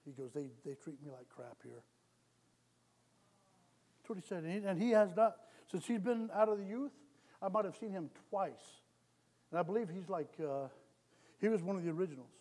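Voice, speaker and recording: A man preaching a sermon in a church, repeating his points, calling for amens and building to loud exhortation. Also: high voice, fairly quick. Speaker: lay preacher. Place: church sanctuary.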